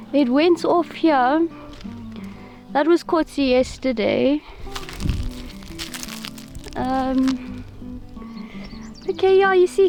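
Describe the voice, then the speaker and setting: A woman's voice: high voice, darkish tone. A woman vlogging casually outdoors in the bush on a handheld camera, chatty and swearing freely, giving firm commands to her dogs. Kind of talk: casual outdoor vlog narration.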